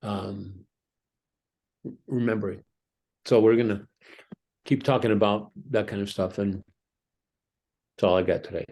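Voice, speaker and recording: With a lowish, mellow voice and fairly even intonation, a middle-aged pastor talks through a reflective sermon. He speaks haltingly, often saying um and starting over.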